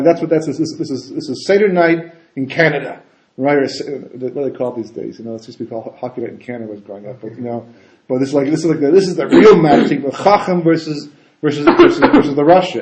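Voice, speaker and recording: A man giving a casual Torah talk as a rabbi, animated and full of rhetorical questions and asides. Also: on the high side. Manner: animated, rhetorical questions, frequent "you know" and "right?". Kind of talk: casual conversational Torah lecture. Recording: echoey room.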